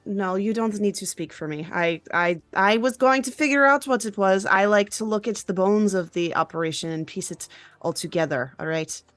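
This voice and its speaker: A woman's voice: medium pitch, moderate pace, a bit bright, no room sound, faint music behind. A woman playing a tabletop role-playing game, speaking in a defensive, rambling manner. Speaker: player. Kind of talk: in-character role-play.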